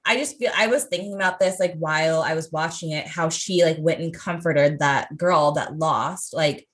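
A woman's voice: low voice, moderate pace. A young adult woman co-hosting a podcast, chatting casually and swearing freely. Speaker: podcast co-host. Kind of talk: casual chat.

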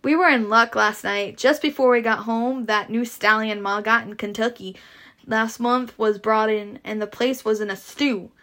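A cheerful, easygoing young Southern man, chatting about home, read aloud by a woman. She keeps her own fairly high voice with no accent. Plain storybook reading. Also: steady tone, moderate pace, a bit bright, lightly acted. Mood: chatty.

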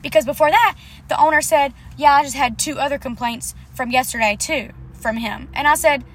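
A woman's voice: high voice, brisk. Blunt, profane woman telling a story. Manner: blunt, profane, indignant storytelling with quoted dialogue. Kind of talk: casual storytime vlog.

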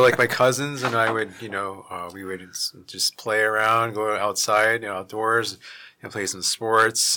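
Man remembering family holidays, super bright voice, lots of ums, kinda low pitch. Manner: hesitant, many fillers and restarts, laughs between phrases. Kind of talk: casual chat.

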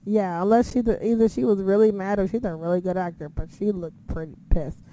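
A woman's voice: mid-range voice, fairly even intonation, a little fast, dark tone, a little hiss or hum, low-quality recording. A woman casually recapping a wrestling show, swearing freely and acting out her own reactions.

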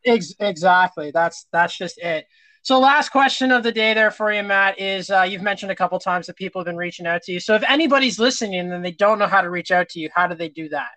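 Podcast host from Canada, male; high, bright, forward tone, friendly and casual, dry close mic. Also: fast talker, no room sound. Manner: friendly, brief affirmations. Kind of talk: casual interview.

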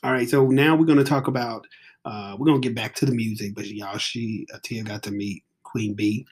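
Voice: mid-range voice, steady tone, a little fast, a little mellow, breathy edge. A host running a casual music interview, encouraging and loose in the way they talk. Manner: upbeat, encouraging, loose and conversational.

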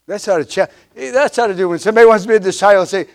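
A man's voice: sits high, very fast. A man in his fifties preaching a sermon as pastor, with emphatic repeated refrains, frequent restarts and filler uhs, his volume swelling and dropping. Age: 50s.

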